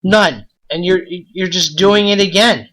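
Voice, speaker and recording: A man's voice: sits high, a little slow, fairly bright tone. A man hosting a wrestling podcast, ranting in an exasperated, blunt way with lots of rhetorical questions. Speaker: podcast host.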